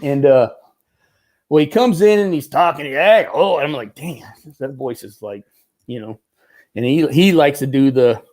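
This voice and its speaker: A middle-aged man with a fairly high speaking voice, spinning animated anecdotes with frequent laughs. He talks loosely, stumbling into restarts and acting out the voices of people in his stories. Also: moderate pace. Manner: animated storyteller, laughs often, restarts sentences. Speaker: guest, former Marine turned film military advisor. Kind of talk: casual storytelling interview.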